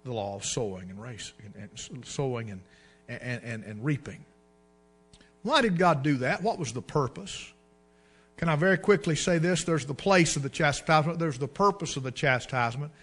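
A man's voice: normal speed, a bit bright, faint music behind. A man preaching a sermon in a folksy storytelling way, acting out the people in his stories. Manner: folksy storytelling, acts out dialogue with rising pitch and volume.

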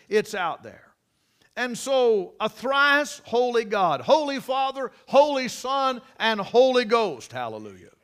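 A man preaching a sermon, folksy and emphatic, with many restarts and loud repeated cries. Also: high-pitched.

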